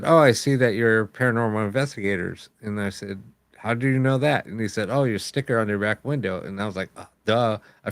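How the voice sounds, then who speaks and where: A man's voice: medium pitch, dry recording. A man hosting a live paranormal show, telling a long story in casual chat, rambling with many fillers and acting out quoted lines.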